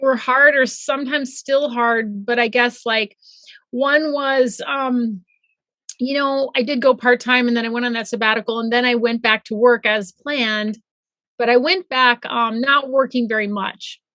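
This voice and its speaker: A middle-aged woman, a former pathologist, telling her story as a guest and lively acting out her own past thoughts. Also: a little high, a little slow, no echo. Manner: animated, acts out her own past thoughts in quoted voices. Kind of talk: casual interview storytelling.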